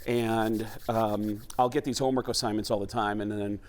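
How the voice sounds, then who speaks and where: A man from New York, a talk-show guest impressionist, telling stories in animated casual chat and breaking into voices. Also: fairly low pitch, normal speed.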